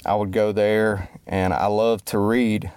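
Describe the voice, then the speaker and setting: A grown man who came of age before the internet calls himself a musician and entertainer, rambling through a joking, self-deprecating monologue and repeatedly losing his train of thought. His fairly low, measured voice is dark, clear and resonant, with little pitch movement, close-miked with no echo.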